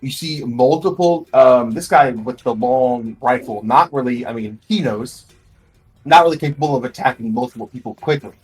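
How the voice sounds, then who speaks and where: A husky-voiced man runs a tabletop game, describing the scene in a loose, rambling way full of fillers and restarts. Faint music plays underneath his narration. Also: medium pitch, normal speed, rough recording. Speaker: game master.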